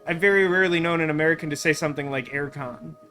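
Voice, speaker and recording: A man's voice: fairly high pitch, quick pace, sharp tone, soft background music. A man hosting a let's play, chatting casually and rambling with lots of fillers while he plays. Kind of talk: casual gameplay commentary.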